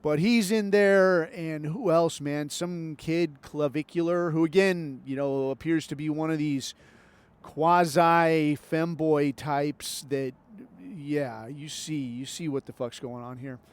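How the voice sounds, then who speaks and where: A man hosting his podcast alone, rambling through a sarcastic, profanity-laced monologue. His voice sits a little higher than most men's. The close mic sounds completely dry, with no room in it. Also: fairly even intonation, slow, smooth, no echo. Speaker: podcast host. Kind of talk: casual solo monologue.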